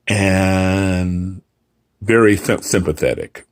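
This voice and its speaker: Brief: middle-aged man recounting a work story, husky and dry-sounding, casual with a wry edge. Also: sits low, a little slow, darkish tone, dry recording. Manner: conversational, re-enacting dialogue with dry humor. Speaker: hotel front desk clerk.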